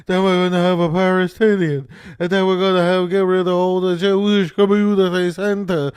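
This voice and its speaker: A man doing a parody voiceover of a woman city politician, speaking in a halting, rambling way with pauses. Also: high-pitched, flat delivery, a little mellow, smooth, no room sound, clean studio sound, lightly acted. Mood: mocking. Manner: halting, rambling, listing groups.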